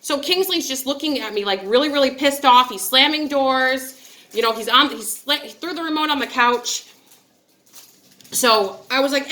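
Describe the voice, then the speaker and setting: Bright-voiced woman telling a candid story. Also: high-pitched, normal speed. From upstate New York. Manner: candid, chatty and digressive, with frequent asides. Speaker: vlogger. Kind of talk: casual storytelling.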